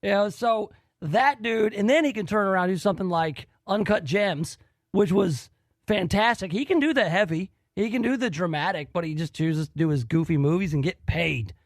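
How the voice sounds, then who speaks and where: Eager talk radio host, high voice. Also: male voice, animated, normal speed, dry recording, clean studio sound. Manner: enthusiastic, rambling. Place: radio studio.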